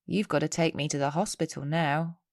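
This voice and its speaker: A British woman podcaster slipping into a cold, calm woman giving orders in a flat, commanding tone. The voice stays low, and the recording is close and dry. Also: fairly quick, no room sound.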